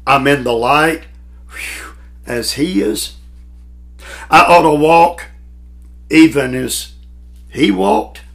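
A man preaching a sermon to a Bible class, emphatic, with dramatic pauses and swells in volume. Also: on the high side, vocal fry, a bit bright. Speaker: pastor teaching a Bible class.

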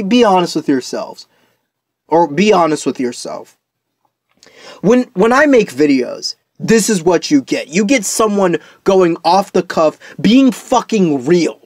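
A man's voice: high-pitched, big pitch swings, measured pace, darkish tone, no echo, studio quality. A young man delivering a profane, heated off-the-cuff commentary rant, full of restarts. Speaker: commentary YouTuber.

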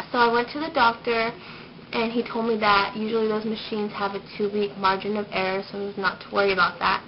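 This young woman, over the worst of a cold, vlogs a relaxed pregnancy update, timid and wandering with frequent ums. Delivery is flat at medium pitch and moderate pace, recorded on dull, noisy lo-fi home video.

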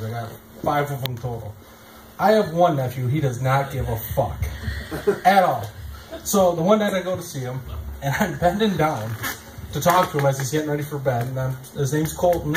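A man performing a stand-up comedy set in a small club, telling crude, profane stories and acting out quotes. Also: on the high side. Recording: echoey club with audience noise.

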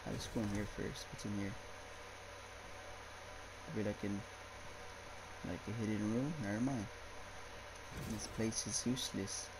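Young dude playing a scary game, jumps and yells then mutters, gravelly voice, bit of hiss behind. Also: male voice, on the low side, steady tone, measured pace, pauses often. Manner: jumpy, swearing, yelps and exclaims; mutters nervously to himself. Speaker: gaming YouTuber. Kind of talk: horror game commentary.

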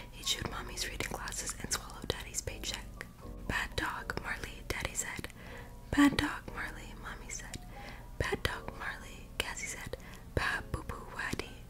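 An ASMR reader in a whispered role-play, a woman breathing a children's storybook out slowly, in a hush pitched fairly high. She lingers on each line like a bedtime story meant to lull the listener to sleep. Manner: slow, hushed bedtime storytelling. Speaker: ASMR creator. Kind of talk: whispered role-play, reading a picture book aloud.

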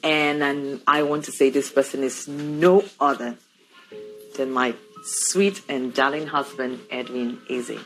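A low-voiced talk show host. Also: female voice, flat delivery, unhurried, faint music behind, rough recording. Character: married woman hosting her own talk show. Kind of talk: scripted talk show hosting.

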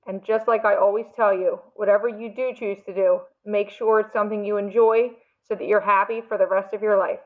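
A woman teacher giving steady advice in a video message to graduates. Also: mid-range voice, brisk, few pauses. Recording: tinny phone-like audio.

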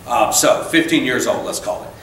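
A man preaching a sermon in a church, fired up and conversational, breaking off into quick asides and correcting himself. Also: medium pitch, a bit bright. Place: church sanctuary. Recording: very echoey church room, voice from far off, faint noise.

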